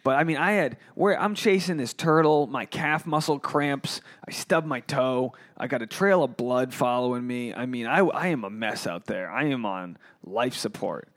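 A man's voice: medium pitch, moderate pace, few pauses, a bit bright. A man hosting a podcast, telling jokey, profane stories in a rambling, casual way, recorded at a holiday resort. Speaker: podcast host, comedian.

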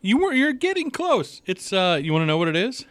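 Man, a dad co-host, lively up-and-down voice, self-mocking chat. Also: high voice, fairly quick. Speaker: podcast co-host, father. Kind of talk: casual chat, snack review.

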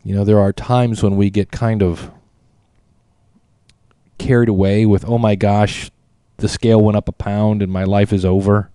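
A man's voice: lowish voice, flat delivery, normal speed, pauses often, dark tone, clean tone, dry recording, studio quality. A man hosting a weight-loss podcast in a casual, chatty, self-deprecating way, reading listener emails aloud. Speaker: podcast host.

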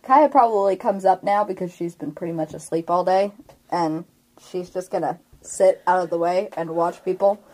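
A woman's voice: lowish voice, moderate pace, darkish tone. A young woman playing a tabletop role-play game, teasing the others and laughing often. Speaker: player.

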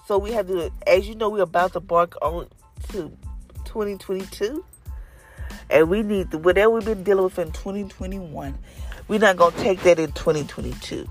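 A woman's voice: lowish voice, fairly quick, soft background music. A woman leading a devotional, sharing a personal testimony in an earnest, conversational, prayerful way. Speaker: devotional leader.

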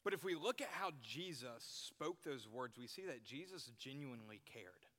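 A young man, a youth pastor, gives an earnest sermon to a youth group, repeating his key phrases for emphasis. His mid-range voice is fairly bright, with lively intonation and a moderate pace. The recording carries a long hall reverb.

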